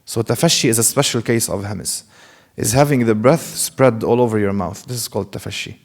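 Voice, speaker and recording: A male teacher with a low, gravelly voice gives a classroom lecture in a mosque hall with a long echo. He talks slowly and patiently. He sounds out examples himself and poses rhetorical questions to the students. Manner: explanatory, demonstrates letter sounds, asks rhetorical questions. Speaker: Quran recitation teacher.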